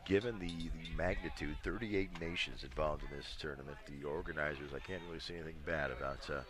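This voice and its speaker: A man giving relaxed, chatty live commentary on a lacrosse game at an outdoor stadium, with dry humor and frequent fillers. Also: rumbling low, brisk. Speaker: play-by-play commentator.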